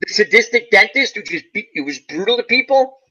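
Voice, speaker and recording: A man hosts a casual chat about old comedies, acting out scenes with a laugh. His voice sits high and swings widely in pitch. It has a very bright, slightly husky edge. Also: quick pace, dull audio. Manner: animated, acts out movie lines with laughing. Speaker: channel host.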